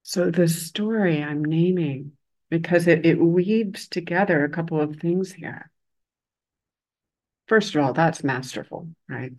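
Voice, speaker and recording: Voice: mid-range voice, measured pace, rough recording. Reflective Buddhist teacher telling a story. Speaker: hospital chaplain and Buddhist teacher. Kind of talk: dharma talk with storytelling.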